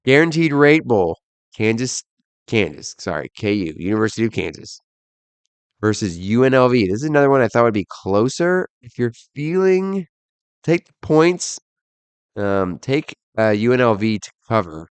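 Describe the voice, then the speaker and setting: A man's voice: medium pitch, big pitch swings, normal speed, clean tone, dry recording. A young man hosting a casual solo football podcast, rattling off odds and picks in an offhand, self-deprecating way. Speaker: podcast host. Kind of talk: casual solo bowl predictions.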